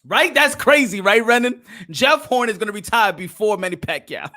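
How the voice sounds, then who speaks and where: A man's voice: high voice, lively intonation, normal speed, sharp tone. A man hosting a boxing podcast who talks in a casual, joking live-stream chat and laughs and teases often.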